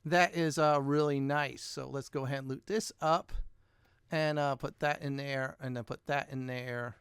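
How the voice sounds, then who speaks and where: A man's voice: mid-range voice, steady tone, normal speed, a bit bright, clean tone, no echo, clean studio sound. A man hosting his gaming channel, chatting casually and thinking aloud as he loots in a let's-play.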